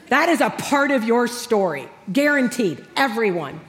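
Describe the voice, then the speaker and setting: A middle-aged woman preaching to a crowd with a bright, slightly high voice. She tells a humorous story with animated, self-mocking energy. The sound carries a long reverb from a large hall. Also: normal speed, few pauses. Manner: animated, self-mocking, acts out family dialogue. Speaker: speaker. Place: large hall with a live audience.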